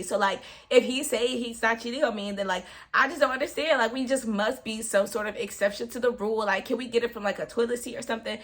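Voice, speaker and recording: A woman chatting through a personal storytime in an animated, loose way, full of fillers. Her voice is bright and lively. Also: fairly high pitch, fast, few pauses. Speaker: vlogger. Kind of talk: casual storytime.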